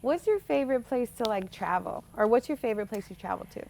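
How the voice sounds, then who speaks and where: A woman's voice: a little high, animated, fast, vocal fry, darkish tone, a little hiss or hum. A woman hosting a podcast in a casual, enthusiastic way, gushing over her guest and restarting her questions. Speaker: podcast host. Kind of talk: casual interview chat.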